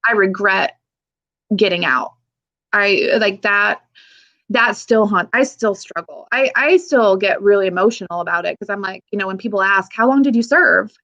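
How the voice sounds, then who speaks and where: A woman's voice: medium pitch, normal speed, fairly bright tone, dull audio. A woman in her thirties from the Pacific Northwest, an army veteran guest speaking frankly and emotionally in a podcast interview, swearing casually and laughing often. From Pacific Northwest, USA. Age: 30s.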